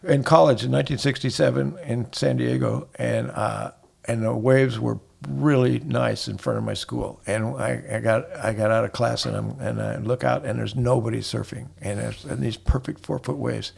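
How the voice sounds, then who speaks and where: Gravelly, husky older man rambling. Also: medium pitch, steady tone, normal speed, a little mellow. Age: 70s. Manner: rambling storyteller, many restarts. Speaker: guest. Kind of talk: casual chat.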